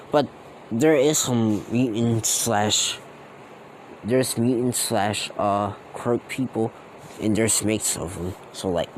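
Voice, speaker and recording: A man's voice: lowish voice, a little hiss or hum, low-quality recording. A man telling a fan-made story off the cuff, rambling and slangy, with many fillers and restarts. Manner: slangy and casual.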